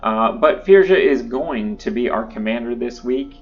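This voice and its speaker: A man hosting his own channel, talking through card decks in a casual, relaxed way with lots of uh and um fillers. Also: medium pitch, moderate pace, highs cut off. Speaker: YouTube channel host. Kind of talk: casual deck-building commentary.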